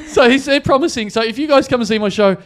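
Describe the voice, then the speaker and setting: A man's voice: extremely high pitch, fast talker, fairly bright tone. A man telling a long story as a comedian guest on a live podcast, acting out other people's lines and laughing often. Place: live venue before an audience.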